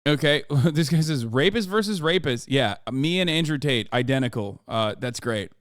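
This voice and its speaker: A man's voice: medium pitch, normal speed, clean tone, no room sound, clean studio sound. An American man in his thirties, a streamer ranting through livestream commentary, swearing constantly and exasperated.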